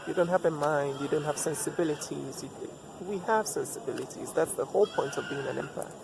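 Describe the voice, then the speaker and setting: A man's voice: on the high side, creaky. A man giving relationship advice in a reflective personal monologue, repeating himself for emphasis and asking rhetorical questions. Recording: steady background noise.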